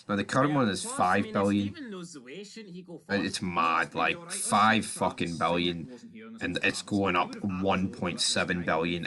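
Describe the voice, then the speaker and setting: A Scottish man hosting a football channel, giving a blunt, heated opinion rant full of swearing and fillers. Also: on the low side.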